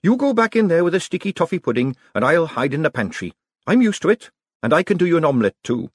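Man doing a high, husky kitchen girl, firm, matter-of-fact, storybook reading. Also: very animated, fast, no echo. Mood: brisk. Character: brisk no-nonsense young kitchen girl.

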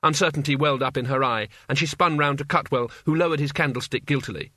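A male audiobook narrator with a wry, deadpan delivery. His voice is bright and slightly high, recorded very dry and close. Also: quick pace, no echo. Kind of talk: scripted narration.

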